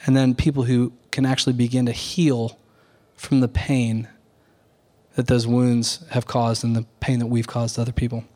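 Preaching a sincere Sunday morning sermon, this male pastor moves slowly and deliberately, lingering on important words. He speaks in a mid-range voice whose tone is level and slightly mellow.

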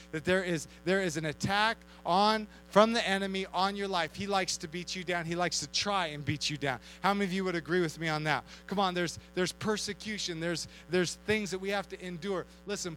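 A man preaching an energetic youth sermon, acting out quotes and shouting at times. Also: high voice, poor audio. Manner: animated, acts out quotes, shouts and laughs. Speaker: youth pastor.

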